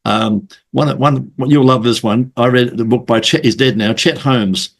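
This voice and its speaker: A man hosts a relaxed podcast chat. He tells sales stories with plenty of swearing and puts on the voices of the people in them. His voice sits at an ordinary middle pitch. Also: unhurried, creaky. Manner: storytelling, swears, acts out quoted voices. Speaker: podcast host. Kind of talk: casual interview chat.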